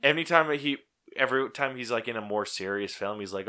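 A man's voice: mid-range voice, animated, fairly quick, sharp tone. A man co-hosting a podcast, chatting casually about movies, laughing often and swearing lightly. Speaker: podcast co-host. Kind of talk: casual chat.

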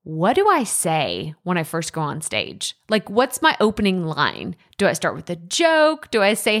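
A woman's voice: mid-range voice, wildly swooping pitch, moderate pace, few pauses, a bit bright. A woman in her thirties with an East Texas accent, hosting a casual solo podcast in a chatty, self-deprecating way full of restarts and asides. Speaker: podcast host and coach. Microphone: podcast microphone.

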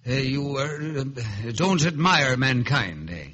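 A man's voice: medium pitch, big pitch swings, slow pace, bright, forceful tone, slightly rough, full character voice. An actor with an Irish accent playing a bumbling, hesitant dragoon captain in a 1950s radio drama, stammering as he talks. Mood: bemused.

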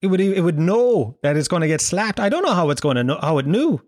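Irish man, middle-aged, comedy monologue, crude rambling stories, slightly high voice. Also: big pitch swings, fast talker, darkish tone, no echo, studio quality.

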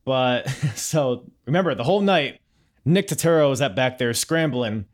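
A man's voice: mid-range voice, expressive, moderate pace. A man hosting a casual podcast, recapping and telling stories with a chatty, laughing manner. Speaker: podcast host.

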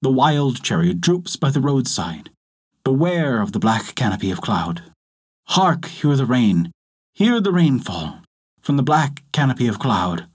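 A man's voice: mid-range voice, sing-song, measured pace, a little mellow, breathy edge. A man voicing a kind wandering ballad singer in a told folktale, easygoing and half-chanting his song. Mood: kindly.

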